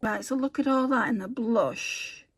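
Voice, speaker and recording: Swatching makeup for her beauty vlog, this woman talks casually, musing aloud and catching her own slips. She speaks at a measured pace in a slightly rough, fairly high voice.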